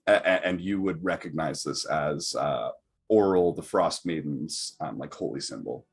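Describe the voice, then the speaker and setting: A man's voice: extremely low pitch, expressive, normal speed, creaky, husky. A man narrating as game master of a tabletop game, with stammering restarts and many fillers.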